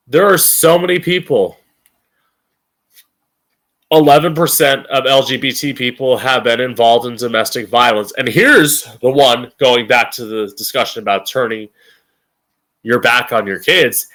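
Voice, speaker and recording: A man's voice: medium pitch, measured pace, a bit bright. A young man hosting a live-streamed opinion show, ranting angrily with a lot of profanity and emphasis. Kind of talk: opinionated rant.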